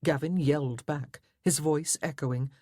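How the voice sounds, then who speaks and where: A woman's voice: low-pitched, unhurried, a little mellow, dry recording, studio quality. A woman narrating a historical romance audiobook in a dramatic, tense storytelling manner. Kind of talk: scripted narration.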